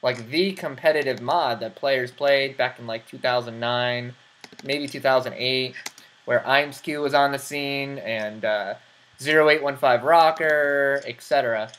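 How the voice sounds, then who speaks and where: Chatty, laughing American host. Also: male voice, mid-range voice, unhurried, a bit bright, a little hiss or hum. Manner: chatty, laughs a lot, rambling asides. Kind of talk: casual interview chat. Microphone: computer mic over a voice call.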